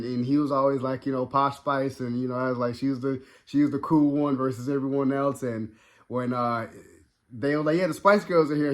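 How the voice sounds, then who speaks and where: A man giving a casual, rambling spoken review, full of fillers and restarts. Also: mid-range voice. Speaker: video reviewer.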